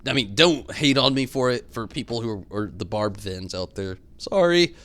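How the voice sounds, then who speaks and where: A man's voice: medium pitch, lively intonation, normal speed, a bit bright. A man streaming a game live, rambling animatedly, answering chat and swearing casually. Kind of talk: live gameplay stream commentary.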